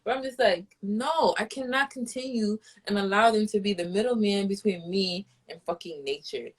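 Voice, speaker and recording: A woman's voice: mid-range voice, normal speed. A woman host in casual chat, ranting in a profane, fired-up way.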